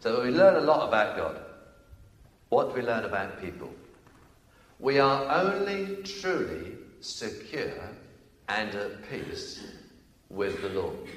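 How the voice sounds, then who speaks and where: A man preaching a sermon, emphatic and animated, shifting between loud declarations and quick asides. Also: lowish voice. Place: church. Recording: echoey church hall, reverberant.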